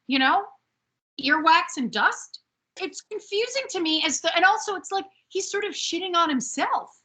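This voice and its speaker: Lively high-pitched woman recapping a show. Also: moderate pace. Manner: animated, acts out quotes from the show. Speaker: podcast co-host. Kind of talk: casual recap chat.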